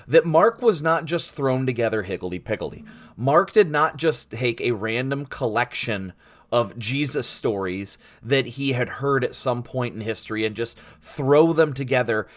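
Earnest pastor with a lively, rising voice. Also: male voice, mid-range voice. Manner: earnest, deliberate, emphasizing key words; animated dramatic delivery when reading. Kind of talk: sermon with scripture reading.

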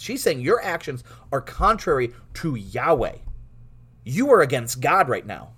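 A man teaching through a Bible passage in a lively way, laughing often and restarting his words. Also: mid-range voice, measured pace, slightly rough.

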